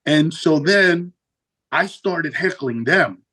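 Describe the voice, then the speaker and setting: A man, a comedian, telling a profane story in a casual interview, animated and jumping up in pitch for punchlines. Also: measured pace, pauses often, breathy edge, low-quality recording. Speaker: guest comedian.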